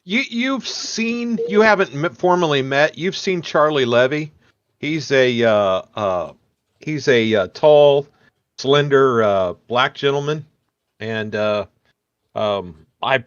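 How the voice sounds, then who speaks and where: Man, game master, slow pace, halting with fillers, dry dull sound. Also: mid-range voice, no room sound. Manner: halting, many filler words. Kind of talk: narrating a tabletop game.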